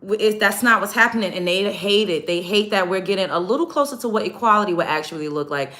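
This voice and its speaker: Woman, livestream host, heated rant, profane, emphatic, sharp bright tone. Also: medium pitch, fast talker. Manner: emphatic, profane, animated retelling. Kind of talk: heated storytelling rant to a live chat.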